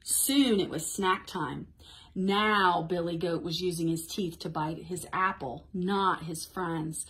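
A woman's voice: on the low side, steady tone, slow, fairly bright tone. A woman librarian leading a toddler storytime, encouraging and sing-song, reading a picture book aloud. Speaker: children's librarian.

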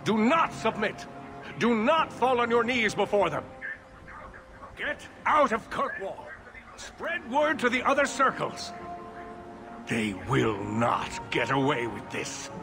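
A grave male mage leader from a video game, delivering solemn, rousing oratory. The voice sits high and swoops widely. Game score music plays behind him. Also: big pitch swings, slow, long pauses, exaggerated voice.

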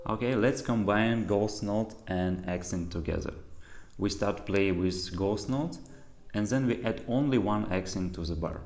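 A man's voice: on the low side, measured pace, a little mellow. A man whose first language is Russian teaches a handpan lesson, explaining patiently in simple English. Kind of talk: music lesson instruction. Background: handpan playing.

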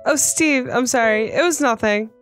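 A woman's voice: on the high side, normal speed, a bit bright, natural voice. A woman voicing a gullible, spoiled young woman with a whiny, hesitant manner. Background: background music.

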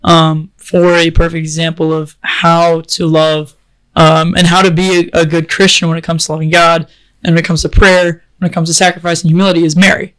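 A man on a podcast panel, speaking in a measured, thoughtful way with fillers. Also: a little high, flat delivery, a bit bright, low-quality recording. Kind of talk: casual panel discussion.

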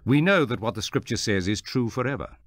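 Jesus, calm and measured, read by a man. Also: mid-range voice, no echo, lightly acted. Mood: earnest. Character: Jesus, a calm adult male teacher speaking with authority. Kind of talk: scripture reading.

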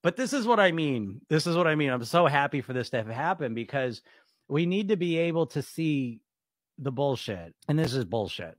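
Casting: man, mid pitch, blunt skeptical livestream host, casual swearing, dry close-mic sound. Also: animated, moderate pace, dry recording. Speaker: weight loss coach on a livestream. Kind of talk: casual livestream commentary reading comments.

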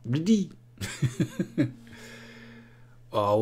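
A man's voice: medium pitch, animated, measured pace. Jokey man hosting a live quiz. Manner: jokey, sings jingles, reads out viewer names. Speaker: livestream quiz host.

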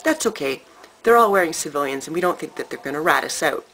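Woman vlogger, low bright voice, animated and emphatic storyteller. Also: poor audio. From Canada. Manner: animated, emphatic, with dramatic pauses. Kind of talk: casual storytelling to camera.

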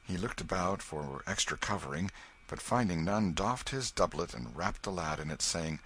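A man narrating a classic novel audiobook in a measured storytelling manner. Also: low-pitched, expressive, a bit bright, a little hiss or hum, poor audio. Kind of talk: scripted narration.

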